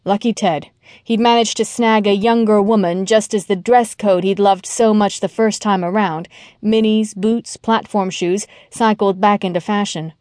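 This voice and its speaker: A woman's voice: medium pitch, a little mellow, no room sound. Wry woman narrating a mystery audiobook. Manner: wry, dry-humored storytelling.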